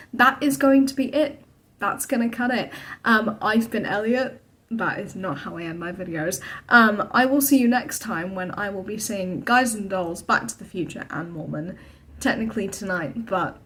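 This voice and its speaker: A young woman vlogging casually about a theatre trip, excitable and rambling, filming herself on a phone. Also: mid-range voice. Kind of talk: casual chat to camera. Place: theatre auditorium and lobby. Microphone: phone held for self-filming.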